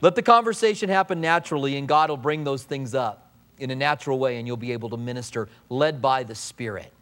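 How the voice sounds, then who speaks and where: A man's voice: mid-range voice, fast talker, a bit bright. A man preaching a sermon as pastor, in a conversational way, often mimicking what people say.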